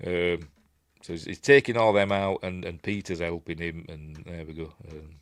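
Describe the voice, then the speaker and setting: Chatty Yorkshire man, low and dry. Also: steady tone, moderate pace, no room sound. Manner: rambling, chatty, self-correcting with many asides. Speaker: film reviewer and host. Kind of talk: casual running commentary over a film.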